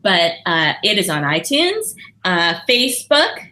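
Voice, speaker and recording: Self-deprecating woman, bright tone, casual guest chat with frequent restarts. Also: on the low side, big pitch swings, measured pace. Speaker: podcast guest, lawyer and comedian. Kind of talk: casual conversation.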